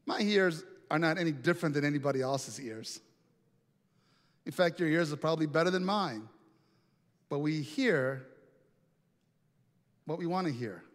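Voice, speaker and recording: A preacher voicing a calm wise old man. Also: fairly high pitch, normal speed, pauses often, long reverb tail, natural voice. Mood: patient. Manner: patient, gently insistent. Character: calm, wise Navajo man explaining a lesson.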